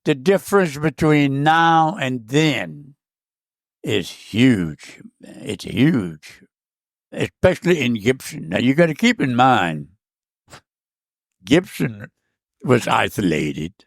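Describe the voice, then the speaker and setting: A man's voice: mid-range voice, very animated, slow, creaky, pauses often, no room sound, clean studio sound. A man, telling old stories as a podcast guest, rambling and repeating words as he goes. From South Louisiana. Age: 90s. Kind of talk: casual storytelling interview.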